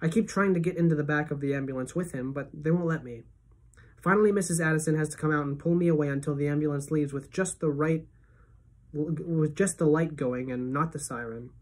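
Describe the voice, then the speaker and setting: A woman teacher reading a novel aloud to her class as a first-person narrator, steady and expressive. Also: low voice, brisk.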